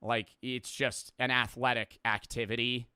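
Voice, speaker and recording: A man's voice: mid-range voice, flat delivery, a little slow, pushed and bright, smooth, no room sound, studio quality. A man streaming and reacting to a video in casual, profane, rambling talk with lots of fillers.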